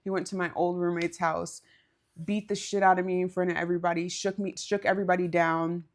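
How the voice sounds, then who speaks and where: A woman's voice: fairly low pitch, level tone, fairly quick. A woman co-hosting a podcast, telling a story in a candid, casual way, swearing and laughing as she goes. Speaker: podcast co-host.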